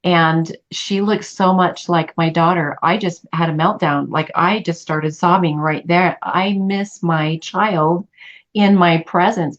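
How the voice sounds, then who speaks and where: On a casual group call, a middle-aged woman from a study group speaks earnestly and openly about her feelings. Her voice sits on the low side, and the audio sounds dull.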